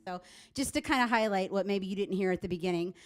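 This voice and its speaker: A woman's voice: mid-range voice, quick pace. A middle-aged woman, a theater teacher, presenting an award at a school board meeting and telling the story behind it in a rambling, chatty way. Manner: warm, rambling storytelling with fillers.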